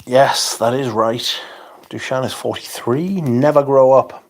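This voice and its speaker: A man's voice: medium pitch, measured pace. A man around forty, hosting a casual livestream, chatting and reading out viewer comments in a rambling, swearing way. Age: 40s. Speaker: fragrance livestream host.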